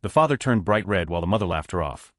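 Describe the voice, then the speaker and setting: A man with a low voice reads short online stories aloud as scripted narration, speaking fast with a flat delivery that lifts at each story heading. The sound is clean studio audio with no echo.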